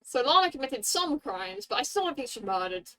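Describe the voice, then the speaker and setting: A woman's voice: sits high, big pitch swings, a little fast, a bit bright. A woman streamer chatting casually and rambling through a game playthrough, repeating herself and joking crudely.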